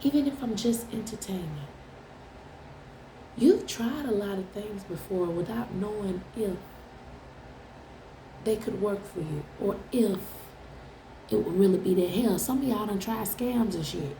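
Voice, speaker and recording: Tarot lady just chatting to her followers, cussing and teasing, low gravelly voice, roomy echo, faint background hum. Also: a little slow, long pauses, dark tone. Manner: blunt and profane, teasing viewers. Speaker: tarot reader. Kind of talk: casual direct-to-camera chat.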